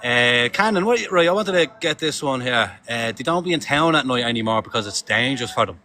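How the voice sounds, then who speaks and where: A man's voice: medium pitch, animated, fairly quick, pushed and bright. An Irish man chatting casually on a live stream from city streets, reading viewer comments aloud and swearing freely.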